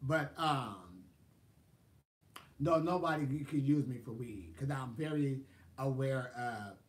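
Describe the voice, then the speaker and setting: A man telling stories in a casual vlog, sassy and animated, laughing often. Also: medium pitch, takes it slowly. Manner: sassy, animated, laughs often, quotes people in exaggerated voices. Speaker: vlogger. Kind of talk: casual storytelling chat.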